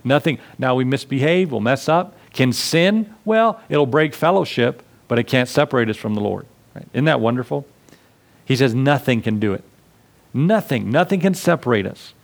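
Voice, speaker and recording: Male preacher, gravelly voice, casual conversational sermon, acts out little scenes. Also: mid-range voice, expressive, moderate pace. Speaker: pastor.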